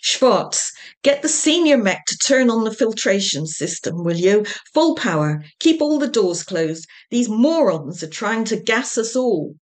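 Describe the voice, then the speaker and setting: A woman's voice: mid-range voice, measured pace, few pauses, natural voice. Woman doing Varma, a brusque fed-up officer. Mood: commanding. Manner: shouts curses and orders. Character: brusque female security officer, exasperated.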